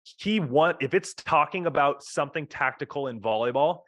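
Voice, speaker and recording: A man hosting a podcast in casual conversation, animated and swearing freely as he tells stories. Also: a little high, moderate pace, no room sound. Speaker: podcast host.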